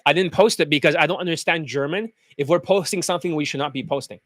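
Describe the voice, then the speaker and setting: Man, dating coach, profane rant, scornful, slightly high voice, dry sound. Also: fast, fairly bright tone, dry recording. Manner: blunt, crude and scornful. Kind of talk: profane ranting monologue.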